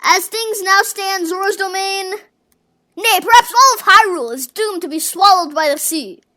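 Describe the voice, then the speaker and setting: A genial old fish-folk king from a fantasy game, put on by a fan doing every role. He speaks in grand, formal phrases, and the voice sits very high and sounds bright and forceful. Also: normal speed. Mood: grave. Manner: grand, courtly speech. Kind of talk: voicing game dialogue.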